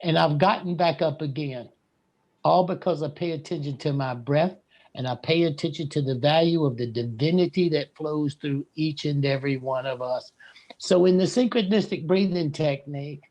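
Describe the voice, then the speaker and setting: A man giving a slow, earnest and blunt spiritual talk. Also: a little high, darkish tone. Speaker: guest speaker.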